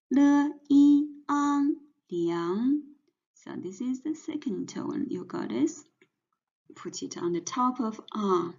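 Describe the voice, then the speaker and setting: Woman teaching a language really slowly, saying sounds over and over, raspy low-key voice, kinda muffled recording. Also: mellow. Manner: slow, drawn-out, repeats each syllable several times. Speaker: Chinese teacher. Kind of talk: slow language lesson. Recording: dull lo-fi sound.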